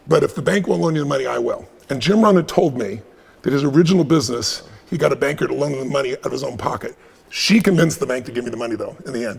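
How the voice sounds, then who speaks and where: A man in his fifties with a raspy voice, telling a story during a live webinar and acting out the dialogue with intensity. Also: on the high side. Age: 50s. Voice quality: raspy, gravelly. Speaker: guest speaker.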